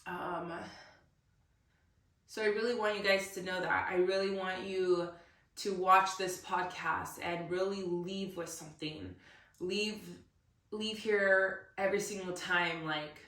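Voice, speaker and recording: Casual emotional motivational host, woman, slow delivery, sits back from the mic. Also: fairly low pitch, steady tone, a bit bright. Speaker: podcast host. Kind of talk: emotional solo podcast monologue. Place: room recorded alone. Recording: roomy echo, somewhat far from mic.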